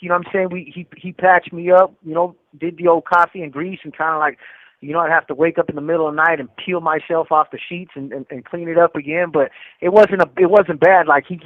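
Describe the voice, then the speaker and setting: A middle-aged man telling a rough prison story in a quick, profane, filler-heavy way on a live call-in show. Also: a little high, dry recording. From California. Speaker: co-host. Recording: tinny phone line, dry.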